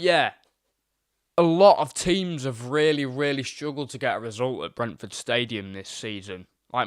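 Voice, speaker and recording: A young man hosting a live football stream, chatting casually and excitedly, rambling and swearing freely. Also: mid-range voice, no room sound, clean studio sound. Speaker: livestream host.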